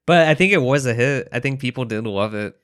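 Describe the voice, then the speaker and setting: A man co-hosting a podcast in casual chat, easygoing and quick to laugh. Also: mid-range voice, lively intonation. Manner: easygoing, laughs often, reads out quotes. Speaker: podcast co-host.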